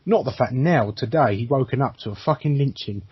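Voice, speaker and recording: A man's voice: medium pitch, expressive, fairly quick, husky, dry recording, highs cut off. A man co-hosting a podcast, talking bluntly and swearing, often restarting his sentences. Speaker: podcast co-host. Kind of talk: casual podcast chat.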